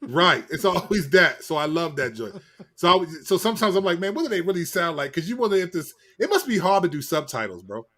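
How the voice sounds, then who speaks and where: A man hosting a podcast, talking in loose, slangy banter with quick restarts. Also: fairly high pitch, sing-song, fairly bright tone. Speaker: podcast host. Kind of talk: casual chat.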